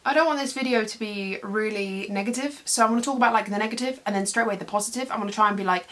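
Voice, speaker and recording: Rapid-fire with hardly any pauses, this young woman's mid-range voice has a fairly bright tone. Doing her makeup at home for a get-ready-with-me video, the beauty vlogger rambles along in a self-deprecating way.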